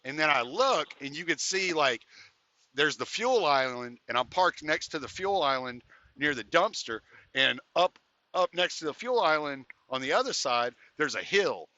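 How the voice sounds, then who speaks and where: A man's voice: fairly high pitch, animated, normal speed, pushed and bright. A man hosting a podcast, telling a rambling, profane story in casual chat about his life as a truck driver. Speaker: podcast host. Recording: dull, dry, lo-fi podcast audio.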